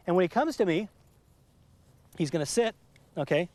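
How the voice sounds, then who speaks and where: Man, middle-aged, dog trainer, somewhat high voice, patient, repeats words for emphasis, instructional demo, outdoors. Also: lively intonation, moderate pace, pauses often, a little mellow, no echo. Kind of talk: instructional demonstration.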